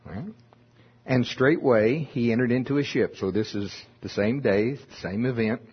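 A man's voice: medium pitch, normal speed, slightly rough, muffled recording. A man preaching folksy Bible teaching, reading scripture aloud and explaining it with chuckling asides.

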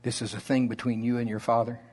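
A man preaching a sermon in a slow Oklahoma drawl, deliberate and conversational. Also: medium pitch, flat delivery, a little mellow.

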